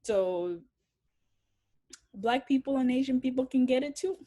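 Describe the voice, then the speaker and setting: A woman's voice: sits high, unhurried, mellow. A young woman from Africa, speaking bluntly and swearing freely in a casual interview.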